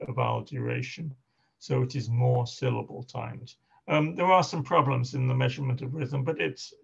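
A male lecturer talks through a seminar in a deeply gravelly, husky voice, stopping often on fillers and restarting his sentences. The recording is muffled and lo-fi. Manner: hesitant, many fillers and restarts. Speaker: linguistics lecturer. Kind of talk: academic seminar talk.

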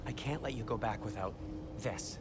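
A man's voice: lowish voice, normal speed, natural voice. An actor playing an anxious, fussy male dwarf craftsman in a game. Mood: earnest. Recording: game audio with noise.

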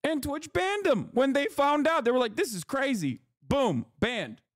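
A man's voice: very high-pitched, very animated, a little slow, no room sound, studio quality. A man in his thirties, a streamer, ranting with heavy profanity and incredulous, mocking asides. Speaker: streamer and political commentator. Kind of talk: ranting live-stream commentary.

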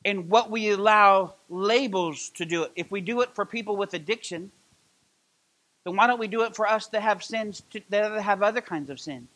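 A middle-aged man preaching a sermon as pastor of a church, impassioned and building to loud emphatic peaks. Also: high voice, normal speed. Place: church sanctuary.

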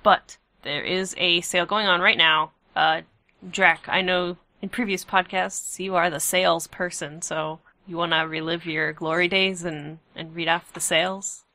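A woman's voice: lowish voice, steady tone, measured pace, pushed and bright. A woman hosting a casual gaming podcast, chatty and a little self-deprecating. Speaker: podcast host.

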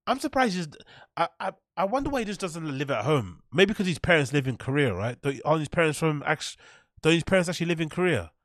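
A sarcastic man makes fun of a cooking clip in loose, swearing commentary. His voice sits fairly high, and the recording is dry and close with no room sound. He laughs at his own jokes as he goes. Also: sing-song, fast, dry recording. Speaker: host reacting to a video. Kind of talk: casual mocking commentary.

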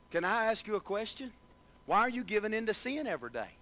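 Male pastor, very high bright voice, builds to shouts, chats with the pews. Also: big pitch swings, fast talker, a little hiss or hum, poor audio. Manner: preaching with rising, shouted emphasis and many asides to the congregation. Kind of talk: sermon.

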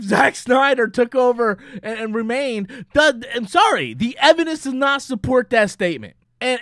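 A man on his own channel in a heated, swear-filled rant, pressing each point with a quick "right?". His voice is very high for a man, and the sound is close and completely dry. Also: fairly bright tone, no echo. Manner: heated, profane, keeps tagging "right?". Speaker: channel host. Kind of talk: profane opinion rant.

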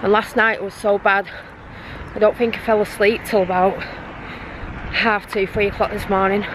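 A woman's voice: medium pitch, level tone, normal speed. A woman with a Manchester accent chatting casually to the camera in a vlog, rambling and laughing often. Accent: Mancunian. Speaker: vlogger. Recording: loud background noise.

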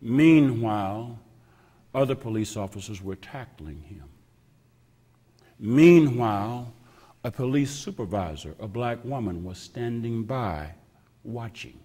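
A man preaching a sermon as pastor, slow and emphatic, repeating phrases with heavy pauses and sometimes dropping to a whisper. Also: on the low side, lively intonation, darkish tone, husky. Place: church sanctuary. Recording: long reverb of a church hall.

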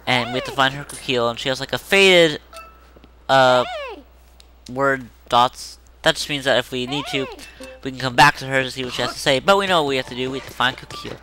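A man's voice: medium pitch, brisk, sharp tone, soft background music, poor audio. A man hosting a let's play, joking and rambling casually over gameplay into a desk microphone.

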